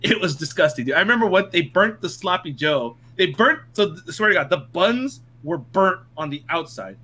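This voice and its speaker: Animated young man telling stories. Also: high voice, normal speed. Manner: animated, laughing, swears freely. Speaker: podcast co-host. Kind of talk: casual storytelling among friends.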